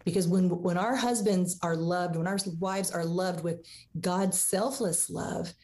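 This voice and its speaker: A woman's voice: lowish voice, fairly even intonation, unhurried, a little mellow. A woman guest author talking earnestly about marriage and faith in a radio interview. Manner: earnest, preaching tone.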